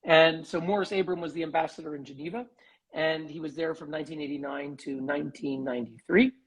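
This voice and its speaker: Man, interview guest, husky, gravelly, slightly high voice, measured, video call. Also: steady tone, low-quality recording. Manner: articulate, measured, explanatory. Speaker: interview guest, human rights advocate. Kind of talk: live online interview.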